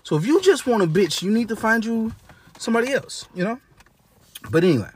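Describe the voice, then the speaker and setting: In a high, lively voice, a man rants briskly through a casual monologue, swearing heavily and leaning on slang. He restarts a lot, and there's slight background noise.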